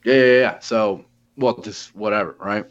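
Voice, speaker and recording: A young man in his twenties, with a lowish voice, tells a story in loose casual chat. He swears often and slips into quoted back-and-forth. The audio sounds a little dull and lo-fi. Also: moderate pace. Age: 20s. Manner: profane, animated retelling with quoted dialogue.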